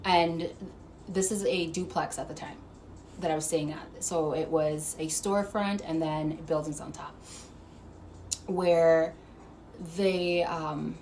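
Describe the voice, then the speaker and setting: A woman vlogger telling a story to camera, animated and profane, laughing as she goes. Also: deep voice, slow, pauses often, a little hiss or hum. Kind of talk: casual storytime monologue.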